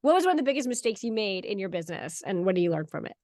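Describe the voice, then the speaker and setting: A woman podcast host in casual interview chat who is excitable and quick to jump in. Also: mid-range voice, no room sound, studio quality.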